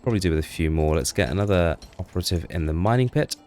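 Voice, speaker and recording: A man's voice: low voice, animated, fast talker, a little mellow, faint music behind. A man giving casual, chatty gameplay commentary, talking to the little townsfolk on screen with a self-deprecating manner. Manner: chatty, self-deprecating, talks to game characters.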